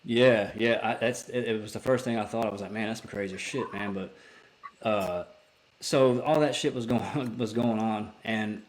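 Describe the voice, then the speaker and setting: A man with a lowish voice tells a story on a podcast, loose and unpolished. He swears freely and often circles back to restart his sentences, in a casual, conversational way. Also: unhurried, a little hiss or hum. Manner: profane, rambling with many restarts. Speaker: podcast guest, military veteran.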